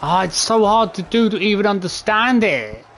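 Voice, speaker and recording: A man's voice: high voice, expressive, moderate pace, fairly bright tone, faint music behind. A man streaming a video game, exasperated, swearing and counting his button presses aloud. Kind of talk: live gameplay commentary.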